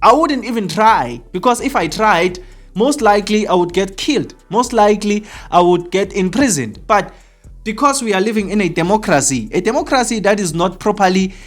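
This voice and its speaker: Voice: medium pitch, animated, normal speed, soft background music. A South African channel host giving opinion commentary to camera, emphatic and rhetorical, repeating questions back to the viewer.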